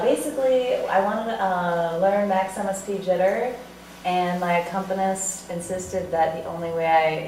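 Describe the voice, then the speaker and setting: A woman's voice: on the low side, a little mellow, slight background noise. A woman choreographer giving a live demo presentation, talking loosely with fillers and chuckles. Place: arts venue hall, indoors. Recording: echoey room from far off.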